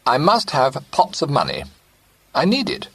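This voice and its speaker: A man's voice: on the high side, huge pitch swings, gravelly, a bit bright, slightly rough, pitched above the performer's own voice, full character voice. A man reading an audiobook, voicing a flustered young woman who works as a lady's companion and keeps deflecting. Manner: evasive, quick to protest.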